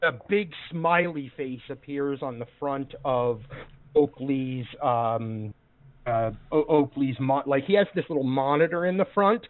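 A man running a tabletop game as game master, narrating in a chatty way with many fillers. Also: mid-range voice. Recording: dry, phone-like voice call audio.

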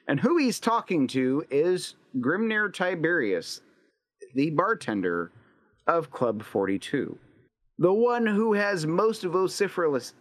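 A man narrates his scene in a tabletop role-play. His voice rises and falls a lot as he builds vivid descriptions. He takes his time, circling back with restarts as he goes. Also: mid-range voice. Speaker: player.

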